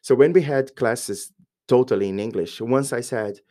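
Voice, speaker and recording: A Brazilian man in his forties, a native Portuguese speaker, talking in accented English as a podcast guest. His voice sits at a middling pitch. He tells his stories with energy. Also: normal speed. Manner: lively storyteller who acts out quoted voices. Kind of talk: casual podcast interview.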